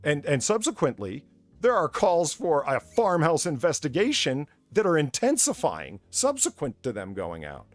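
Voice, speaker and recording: A man's voice: on the high side, huge pitch swings, moderate pace. A man co-hosting a comedy podcast, reading odd local news in a mock-formal way, stumbling over words and laughing. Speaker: podcast co-host.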